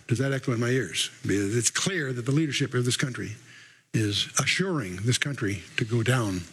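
An older man with a husky voice teaching a Bible lesson, reading scripture with emphasis and adding casual asides. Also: mid-range voice, moderate pace, a bit bright, low-quality recording. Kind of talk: sermon.

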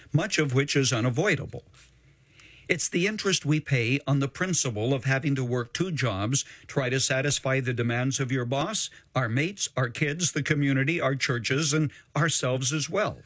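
Man giving a dry, measured radio commentary. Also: medium pitch, a bit bright, no room sound.

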